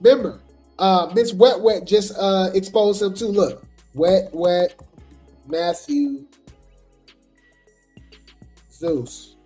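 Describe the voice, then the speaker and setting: A host giving casual gossip commentary on reality TV, talking chattily and filling pauses with "right?" and "you know". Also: medium pitch, lively intonation, warm tone, soft background music. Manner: chatty, full of fillers and "right?" asides.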